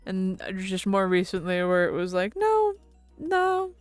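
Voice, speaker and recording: Woman streamer yapping away to chat, lowish voice, super clean and dry close mic. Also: monotone, moderate pace, smooth, no room sound, faint music behind. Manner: rambling and chatty, laughs often. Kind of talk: casual chat with viewers.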